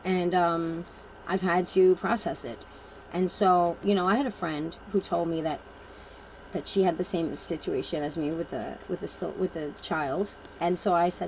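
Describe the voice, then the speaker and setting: A woman with a fairly low, somewhat mellow voice gives a casual oracle card reading at a normal pace and with fairly even intonation. She tells personal stories bluntly, rambling and with emphasis. The recording is low quality, with a little hiss or hum.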